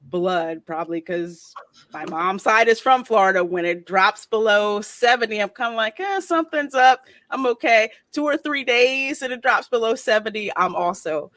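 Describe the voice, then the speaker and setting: A woman co-hosting a live-stream podcast over a video call, opinionated and animated with laughing asides. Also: mid-range voice, normal speed, no room sound. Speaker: podcast co-host. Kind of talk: casual live-stream chat.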